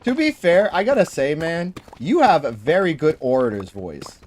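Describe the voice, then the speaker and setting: A man's voice: a little high, sing-song, normal speed, a little mellow. Boston man, joking livestream host. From Boston area. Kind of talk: casual chat.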